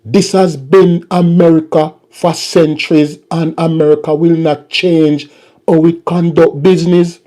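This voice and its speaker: A man's voice: a little high, level tone, measured pace, dark tone. A man hosting a political commentary vlog and ranting in a mocking, repetitive way.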